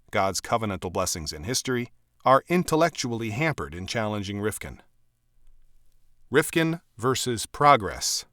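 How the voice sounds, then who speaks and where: Lively, dry-voiced man reading aloud. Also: medium pitch, no room sound. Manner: measured, emphatic reading with clear quote markers.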